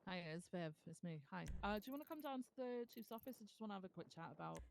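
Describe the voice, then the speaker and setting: A woman's voice: medium pitch, expressive, racing, slight background noise. A woman playing a police officer in a role-play, talking in a reassuring way and often repeating herself. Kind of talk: casual role-play chat.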